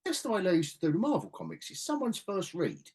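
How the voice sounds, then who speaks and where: A husky man talks in a lively, swooping way as he hosts a casual podcast chat. His voice sits a little high and he swears freely. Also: fast talker. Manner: animated, laughing, swearing freely. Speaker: podcast host.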